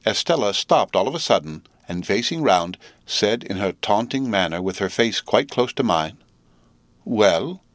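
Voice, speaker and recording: A man reading a classic novel aloud as an audiobook narrator, in a measured, deliberate manner. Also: fairly low pitch, no echo.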